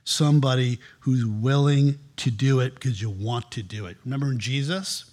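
A man preaching a sermon as pastor, animated, acting out quoted voices with shifts of tone. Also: medium pitch, moderate pace.

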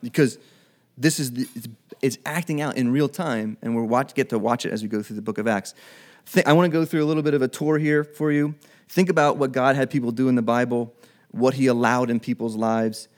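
A man preaching a sermon in a conversational way, acting out Bible dialogue in quick everyday voices. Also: medium pitch. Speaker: pastor.

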